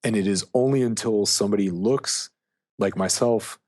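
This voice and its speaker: A man's voice: fairly low pitch, moderate pace, darkish tone. A man guest on an interview, a coach speaking casually and emphatically with lots of fillers. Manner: emphatic, storytelling, heavy on fillers like "like". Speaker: guest, dating and sex coach.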